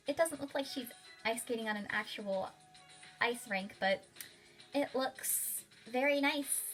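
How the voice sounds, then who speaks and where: A woman's voice: on the high side, poor audio. A young woman casually talking over her sketchbook drawings, chatty and gushing, with lots of fillers. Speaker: artist showing her sketchbook. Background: faint background music.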